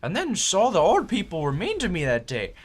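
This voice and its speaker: A man's voice: sits high, wildly swooping pitch, fairly quick. A young man who works as a server, telling a work story in a casual, profane way and acting out the quoted voices.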